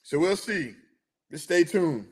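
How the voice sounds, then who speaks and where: Young man, sports podcast host, rambling animated chat, slightly high voice. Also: slow pace, husky. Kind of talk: casual chat.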